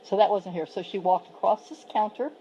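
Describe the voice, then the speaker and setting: On a casual video tour of the cat sanctuary, a woman from the southern US talks baby talk to the cats in a medium-pitched, dark-toned voice at a fairly quick clip. The highs are cut off and faint hiss or hum sits underneath.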